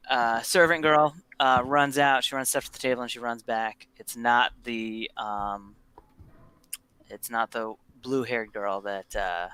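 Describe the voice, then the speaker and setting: A man narrating as game master of a tabletop game, halting, with many fillers. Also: mid-range voice, bright, forceful tone, clean tone.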